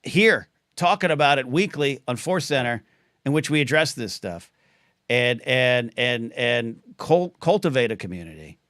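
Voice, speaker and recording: A man co-hosting a live talk show, mid-pitched and lively, tumbling through restarts as he makes his point. His voice sits close and dry on the mic, with no room sound around it. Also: normal speed, no echo. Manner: animated, talks over his partner with many restarts. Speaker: co-host. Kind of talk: casual livestream chat.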